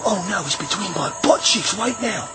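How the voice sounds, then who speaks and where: An actor playing an excitable Australian male wildlife showman, shouting breathlessly in a comedy skit. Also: high voice, moderate pace. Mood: excited. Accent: Australian (impression). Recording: loud music under the voice.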